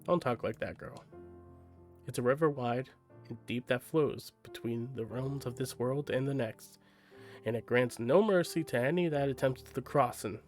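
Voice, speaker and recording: Fierce coarse old granny, gruff and loud, read by a man. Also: medium pitch, moderate pace, soft background music, natural voice. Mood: stern. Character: fierce tough old grandmother, small and strong.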